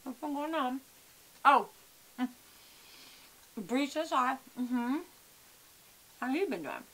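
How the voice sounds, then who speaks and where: A woman's voice: sits high, animated, takes it slowly, fairly bright tone, husky. A woman, chatting casually and rambling to her viewers at home, calling them y'all. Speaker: vlogger. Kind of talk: casual chat to camera.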